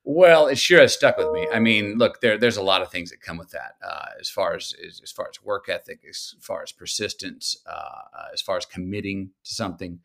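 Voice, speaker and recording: Guest voice: man in his fifties, low gravelly tone, unhurried reflective storyteller. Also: a bit bright. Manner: slow, reflective storytelling with drawn-out pauses. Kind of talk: conversational interview.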